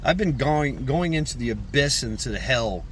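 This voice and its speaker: A man's voice: medium pitch, expressive, moderate pace, fairly bright tone, a little hiss or hum. A man talking casually to his channel's viewers, rambling and swearing, often repeating his words. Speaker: channel creator. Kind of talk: casual vlog monologue.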